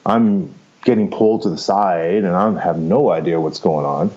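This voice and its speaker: Man, 50s, very low voice, casual rambling storyteller, muffled lo-fi audio. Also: moderate pace, mellow. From Canada. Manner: rambling, seeks agreement with "right?" and "you know". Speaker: podcast guest. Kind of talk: casual first-person storytelling.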